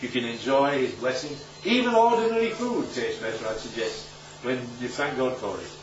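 A very animated male preacher of medium pitch, speaking at a moderate pace, gives a relaxed Bible talk in a conversational style, repeatedly checking in with his audience. Slight background noise sits under a roomy, distant, dull recording.

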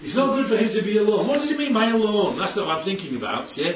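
Lively man leading Bible study. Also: high-pitched, quick pace, crowd noise. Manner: animated, asks for agreement often. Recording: roomy, distant, dull recording with faint background ambience.

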